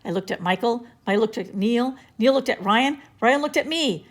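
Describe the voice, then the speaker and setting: Animated woman reading a children's book. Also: a little high, normal speed. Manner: playful, animated storytelling. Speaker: storybook reader.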